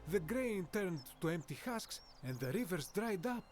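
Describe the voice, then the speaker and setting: A man's voice: high-pitched, sing-song, normal speed, a little mellow, soft background music. A man voicing a formal, philosophical Greek townsman in an ancient Roman city, in a video game. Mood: solemn. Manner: stately, formal, quotes old sages. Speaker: game character.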